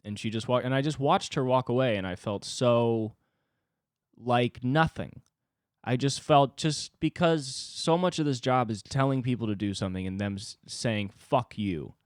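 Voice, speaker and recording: A man's voice: mid-range voice, moderate pace, no echo, clean studio sound. A young man hosting a solo podcast, telling a frustrated, profanity-laced story and reflecting on his own anger. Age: young adult. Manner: ranting, profane, self-reflective. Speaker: podcast host. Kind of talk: solo confessional monologue.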